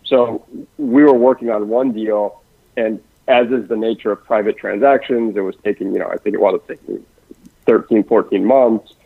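A man who works in investments at a family office, talking quickly and densely in a podcast conversation, with frequent restarts. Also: on the low side, fairly even intonation, creaky, husky, no echo. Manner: rapid-fire, dense talker with many restarts. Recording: dry, phone-like lo-fi sound.

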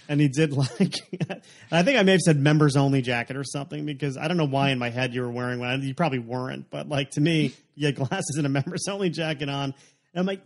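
A man's voice: medium pitch, steady tone, a little fast, creaky. A young adult man hosting a casual chat, rambling with lots of fillers. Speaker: podcast host.

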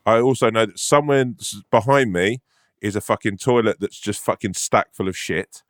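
Man, low voice, dry close sound, sweary storyteller, casual podcast chat. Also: moderate pace, no echo. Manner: sweary, laughing, animated anecdote-telling. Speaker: podcast co-host.

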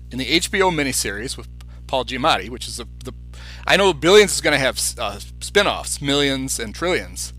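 Bright-voiced man chatting on a podcast. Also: medium pitch, rough recording. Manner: chatty, recounting scenes with acted quotes. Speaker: podcast co-host. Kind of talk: casual podcast chat.

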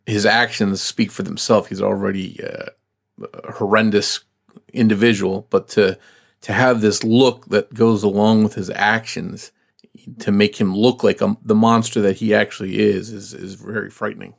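A man co-hosting a true crime podcast, narrating a case and chatting, pausing and searching for words. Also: on the low side, little pitch movement, vocal fry. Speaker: podcast co-host.

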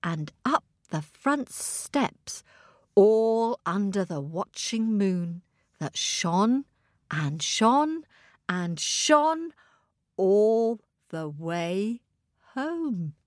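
A woman narrating a children's story expressively and gently, speaking to young listeners. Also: mid-range voice, very animated, drawn-out words, no room sound, clean studio sound.

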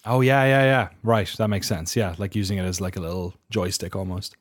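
A man's voice: low-pitched, steady tone, fairly quick, dry recording, clean studio sound. A man with an Irish accent hosting a casual podcast chat, rambling and correcting himself as he explains things. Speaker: podcast host.

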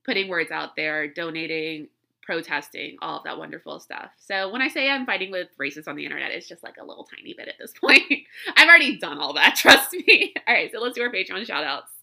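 A woman's voice: fairly low pitch, expressive, brisk, gravelly, sharp tone. A woman, hosting a casual solo podcast, candid and emotional, congested from crying and allergies. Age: 30s. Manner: candid, emotional, swearing, laughing often. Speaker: podcast host.

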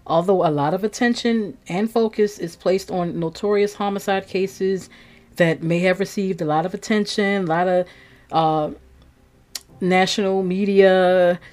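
A woman's voice: lowish voice, fairly even intonation, measured pace, a little mellow. A woman from Maryland hosting a true crime podcast, talking in a blunt, outspoken, casual way.

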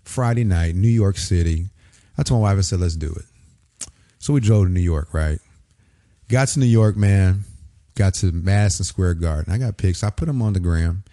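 A man from Springfield, Illinois, telling a lively story in casual talk and acting out the voices of the people in it. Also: low voice, normal speed, no echo, clean studio sound. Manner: animated storyteller, acts out quoted voices. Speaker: podcast guest.

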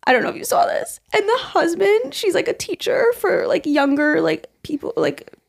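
A woman's voice: very high-pitched, very animated, normal speed, gravelly. A young woman co-hosting a podcast, chatting casually with lots of laughter and filler words. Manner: chatty, laughs often, says "like" a lot. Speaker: podcast co-host. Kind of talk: casual chat.

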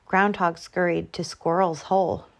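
A woman reading a children's picture book aloud, slow and expressive. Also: lowish voice, creaky. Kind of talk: storybook read-aloud.

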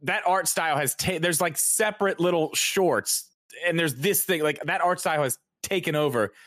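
A man hosting a podcast in casual chat, asking questions in a relaxed, easygoing way. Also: fairly high pitch, normal speed, no echo, studio quality.

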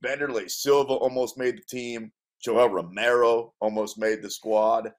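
Male sports radio host, mid pitch, emphatic and hyped, sells every pick. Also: steady tone, measured pace. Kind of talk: casual sports radio banter.

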